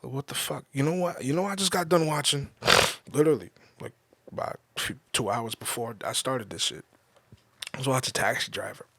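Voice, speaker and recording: A man's voice: medium pitch, fairly quick, vocal fry, bright, forceful tone, breathy edge, no echo. A man hosting his own podcast, delivering a casual, profane, heated commentary with emphatic repetition. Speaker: podcast host.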